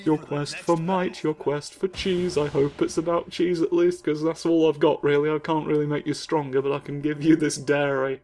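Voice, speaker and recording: A man's voice: fairly high pitch, level tone, normal speed, few pauses, a little mellow, natural voice. A man putting on a Northern English accent to play an eager, overjoyed man desperate to hand over his cheese. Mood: pleading.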